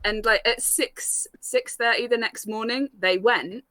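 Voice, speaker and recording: A woman's voice: on the high side, a little slow, no room sound, clean studio sound. A woman telling a funny story on a group chat show, giggling often and filling her talk with "like". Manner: giggly, animated, many fillers, acts out quotes. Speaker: storyteller on a live panel show. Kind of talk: casual storytelling.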